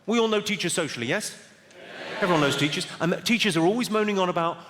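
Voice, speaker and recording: Deadpan comic in a big echoey hall. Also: male voice, high voice, a little hiss or hum. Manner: deadpan, brisk, teasing the audience. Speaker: stand-up comedian. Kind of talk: stand-up comedy with crowd work. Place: large theatre stage with a live audience. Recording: echoey theatre hall, loud audience.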